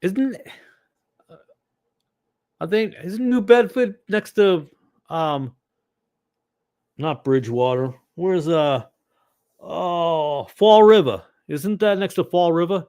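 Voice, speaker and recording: A man with a Boston accent hosting a ministry livestream, chatting casually and answering viewers in a rambling, digressive way with sudden loud bursts. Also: high-pitched, takes it slowly, pauses often, smooth, dry recording, clean studio sound. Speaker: ministry host.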